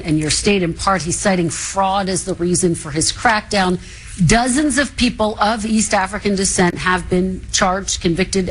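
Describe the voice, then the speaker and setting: A woman interviewing a politician, asking brisk, pointed questions. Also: on the low side, slight background noise, poor audio. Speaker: news interviewer. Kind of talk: broadcast news interview question.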